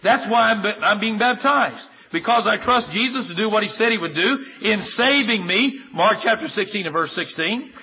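A man preaching a sermon, earnest and emphatic, moving between loud urging and quiet appeal and citing chapter and verse in steady lists. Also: high voice, moderate pace, hardly any pauses, low-quality recording.

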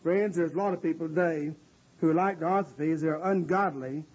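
High-voiced husky male preacher, lo-fi. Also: moderate pace, darkish tone. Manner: earnest, conversational preaching with frequent "uh" fillers. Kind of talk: sermon with scripture exposition. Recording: dull lo-fi recording.

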